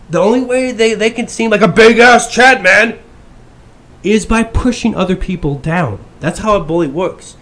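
Brief: male YouTuber, rather high voice, brash and profane casual rant. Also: normal speed. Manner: profane, brash, swings between shouting and mumbling. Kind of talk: casual ranting monologue.

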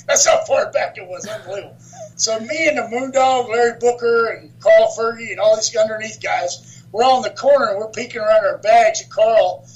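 A man with a notably high voice spins old stories in a loose, chatty way. He laughs through his own punchlines and swears without a second thought. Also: normal speed, highs cut off. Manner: animated storyteller, laughs often, swears freely. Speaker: wrestler and author, guest. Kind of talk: casual storytelling interview.

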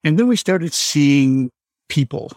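Older man slowly telling a ghost story. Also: fairly high pitch, expressive, darkish tone, no room sound. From Michigan. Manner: slow, deliberate storytelling with frequent "uh" pauses. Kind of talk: storytelling on a radio call.

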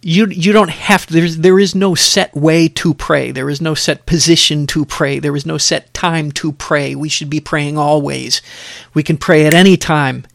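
A man's voice: a little high, fairly even intonation, moderate pace, vocal fry, fairly bright tone, no echo, studio quality. Emphatic middle-aged man preaching. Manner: emphatic, exhorting, repeats phrases for effect. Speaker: podcast host. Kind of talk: preaching, sermon-like podcast talk.

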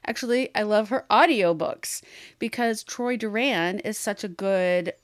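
An American woman co-hosting a podcast in loose, casual chat. She tells raunchy stories with lots of laughing, and her voice sounds dry and close. Her pitch sits in a middle range. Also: a little slow, no room sound. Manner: bawdy, laughing, animated storytelling. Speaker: podcast co-host.

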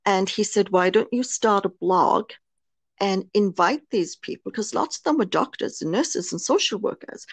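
A woman's voice: mid-range voice, normal speed, slightly rough, dry recording. A British woman, a nurse and author, speaking frankly and earnestly in a podcast interview, with frequent fillers. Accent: British English. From Britain. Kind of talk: candid personal interview.

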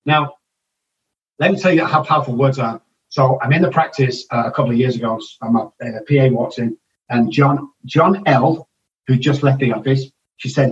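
A man's voice: mid-range voice, brisk. Brief: older man, blunt and profane motivational guest, dull distant remote audio. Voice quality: blunt, swears freely, motivational. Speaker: addiction counselor and author, guest. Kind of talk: casual podcast interview.

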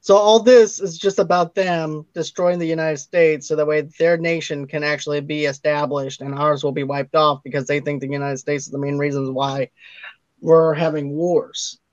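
A man's voice: fairly high pitch, fairly even intonation, moderate pace, no room sound. A man co-hosting a casual movie podcast, recapping the plot step by step. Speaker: podcast co-host. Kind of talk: casual movie review chat. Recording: dry, dull lo-fi sound.

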